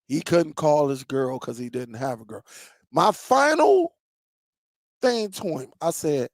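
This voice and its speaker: A man hosting a streaming tech channel, chatting casually with viewers and telling stories in an animated way, laughing and repeating himself. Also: a little high, unhurried, no room sound, clean studio sound.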